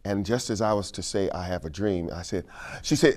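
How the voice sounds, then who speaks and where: Speaking fairly quickly with a low-pitched, darkish voice, a St. Louis, Missouri man who gives keynotes and performs King's speeches shares stories in an interview conversation, echoing key phrases to drive them home.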